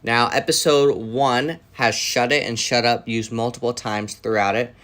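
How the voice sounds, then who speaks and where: A man's voice: medium pitch, steady tone, measured pace, fairly bright tone. A man giving casual, earnest review commentary, listing points with hesitant fillers. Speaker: show reviewer.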